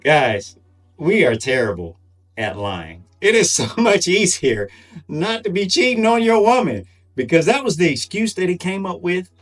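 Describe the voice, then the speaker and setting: Animated high-pitched man reacting to clips. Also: normal speed. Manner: chuckling, animated, addresses viewers directly. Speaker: commentary host. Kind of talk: reaction commentary. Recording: distant mic, faint music.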